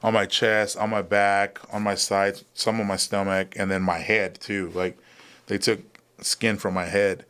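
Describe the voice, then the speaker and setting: A man's voice: on the low side, flat delivery, unhurried, fairly bright tone, clean tone. A man in his thirties, a veteran guest on a podcast, telling his story candidly in a casual chat with many fillers and acted-out dialogue. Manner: candid, lots of fillers, acts out quoted dialogue.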